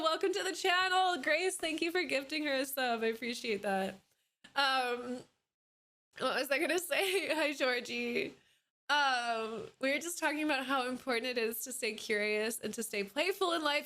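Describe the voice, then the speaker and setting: Bubbly, bright-voiced woman streamer. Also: high voice. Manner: bubbly and giggly, greeting chat by name. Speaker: live streamer. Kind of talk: casual live-stream chat. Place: at home at her computer.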